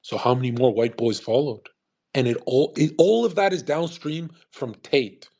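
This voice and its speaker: Man, husky voice, mid pitch; rambling profane commentary host. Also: expressive, moderate pace, dark tone. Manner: rambling, profane, emphatic, restarts often. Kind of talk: casual monologue commentary.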